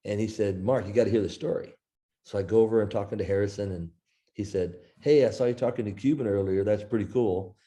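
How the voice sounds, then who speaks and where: A middle-aged man from Iowa, guesting on a business interview show, spins a long personal anecdote. His voice sits a little low with a mellow, relaxed tone. He acts out what everyone said in his own voice. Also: fast. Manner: animated anecdote teller, quoting others in his own voice. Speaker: guest author. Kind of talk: storytelling in an interview.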